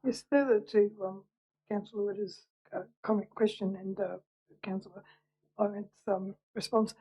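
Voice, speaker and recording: A woman speaking as a councillor, halting and full of fillers and repeated words. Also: medium pitch, level tone, mellow, poor audio. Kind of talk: council meeting remarks.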